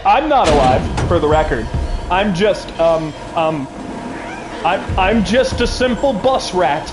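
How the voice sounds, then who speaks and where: A male streamer gives live gameplay commentary, jumpy and quick to panic, cursing and chatting with his viewers. His voice sits high and swings widely, yet he drawls each phrase out slowly. Game music plays clearly behind him. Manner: excitable, panicky, swears, talks to chat and game characters.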